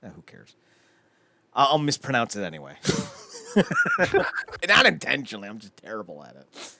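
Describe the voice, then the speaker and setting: A man co-hosting a podcast in casual chat, animated and profane, often laughing as he talks. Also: on the low side, normal speed, vocal fry, dry recording. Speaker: podcast co-host.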